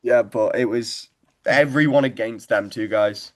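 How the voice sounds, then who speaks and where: Here a young stand-up comedian guest from Liverpool, with a Scouse accent and a mid-range voice, talks a little slowly. He rambles through sweary stories in casual chat and laughs along as he goes.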